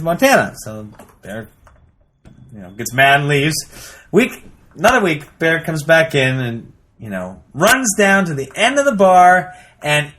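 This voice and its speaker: A man's voice: medium pitch, fairly bright tone. A man on a podcast, chatting casually and telling long, rambling jokes with lots of fillers. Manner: rambling joke-teller with fillers. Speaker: podcast guest. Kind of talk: casual chat.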